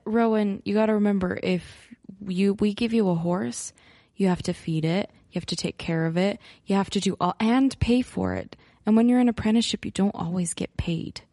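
A woman speaks as a player in a tabletop role-play. Her voice is mid-pitched and matter-of-fact, recorded close and dry. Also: dark tone, dry recording.

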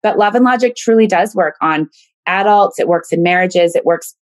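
A woman telling candid, animated personal stories in a casual podcast conversation. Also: lowish voice, moderate pace, no echo.

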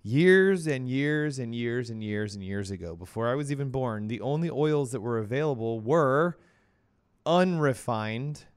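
A man hosting a casual health talk show, hoarse from laryngitis, energetic and chatty. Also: mid-range voice, unhurried. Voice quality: coughing, strained voice. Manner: energetic, chatty, breaks into playful quoted voices. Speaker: radio show host.

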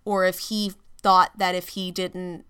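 Woman host, bright and very clear voice, measured casual narration. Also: on the low side, flat delivery. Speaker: podcast host.

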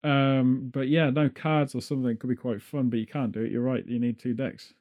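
A man's voice: mid-range voice, level tone, a little fast, darkish tone. A British man co-hosting a casual chat, rambling and joking, now and then slipping into silly voices. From United Kingdom. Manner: rambling, jokey, slips into silly put-on voices.

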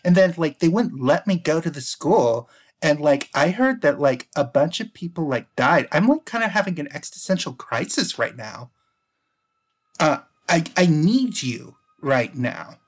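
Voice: medium pitch, expressive, measured pace. A player voicing a dramatic, self-absorbed teenage girl in a tabletop game, talking in valley-girl style with lots of "like" and breaking into panicked wails. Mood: distressed, gushing. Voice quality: valley-girl talk, full of "like". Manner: escalating wails, breathless hysteria. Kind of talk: tabletop role-play.

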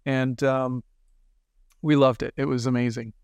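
A man guest in an interview, telling lively anecdotes in casual talk and acting out the people he quotes. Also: medium pitch, a little slow, clean tone, dry recording. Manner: animated anecdotes with quoted voices. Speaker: guest, animator and film director.

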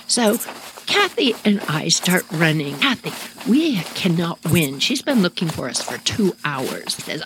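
A woman's voice: mid-range voice, moderate pace, a little hiss or hum, rough recording. A woman animatedly telling a funny childhood story on her podcast, laughing and talking to listeners directly. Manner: animated, laughing, addresses listeners as "you all". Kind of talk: casual storytelling.

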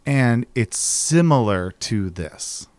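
Animated man telling stories on a podcast. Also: medium pitch, takes it slowly, no echo. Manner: animated storyteller, acts out quotes, swears casually. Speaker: podcast co-host. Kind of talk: casual podcast chat.

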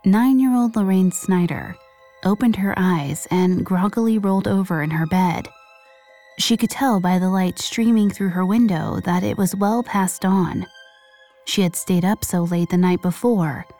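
A woman hosting a podcast, reading a scripted true-crime story in a measured, grave way. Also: mid-range voice, warm tone, soft background music. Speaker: podcast host and narrator.

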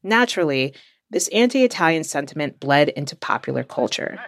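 Podcast host, low-pitched woman, lively scripted narration, dry studio sound. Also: creaky, dry recording. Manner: measured, explanatory.

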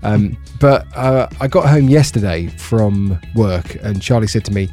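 Animated man telling a home story. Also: a little slow, soft background music. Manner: animated storytelling, lively pitch jumps. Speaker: podcast co-host. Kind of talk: casual chat. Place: home bedroom.

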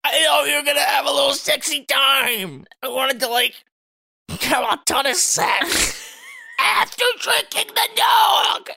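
Woman doing a cute-voiced sulky girlfriend for improv comedy, high and sharp, with a crackly edge. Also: big pitch swings, measured pace, full character voice. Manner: whiny, exaggerated baby-talk sulking. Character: lovestruck young woman talking in a squeaky cute voice.

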